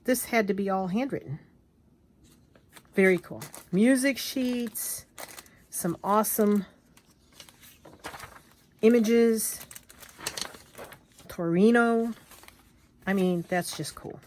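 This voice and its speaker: A woman vlogger showing off craft papers and fabrics in a gushing, excitable, casual chat, often trailing off and restarting. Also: mid-range voice, a little hiss or hum. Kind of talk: casual show-and-tell chat.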